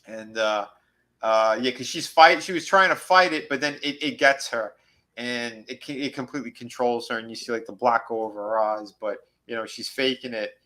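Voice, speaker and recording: Male host, bright tone, loose rambling recap with quick voices for quotes. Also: mid-range voice, low-quality recording. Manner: rambling, acts out quoted lines. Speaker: podcast host. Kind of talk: casual recap chat.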